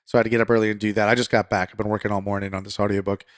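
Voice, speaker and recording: A man hosting a political commentary podcast, talking conversationally and getting fired up, then settling into calm reassurance. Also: lowish voice, racing, no echo, studio quality. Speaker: podcast host.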